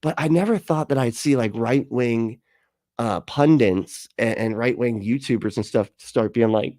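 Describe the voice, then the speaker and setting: A man's voice: medium pitch, measured pace, a little mellow, no room sound, studio quality. A man giving casual commentary, reading chat comments aloud and reacting in a profane, rambling, sarcastic way, laughing often. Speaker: video commentator.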